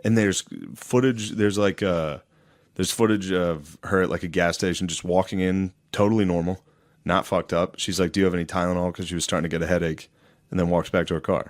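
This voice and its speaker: A man with a very low voice tells a long story on a podcast, circling back and restarting as he goes. His talk is casual and full of swearing. The sound is close and dry. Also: steady tone, a little fast, dry recording. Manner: rambling, profane storytelling with many restarts. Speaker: podcast co-host.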